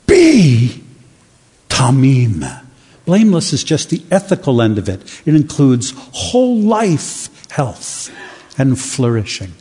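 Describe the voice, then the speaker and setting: A man preaching a sermon with dramatic, emphatic pauses. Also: on the high side, mellow, breathy edge. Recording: long reverb of a large hall.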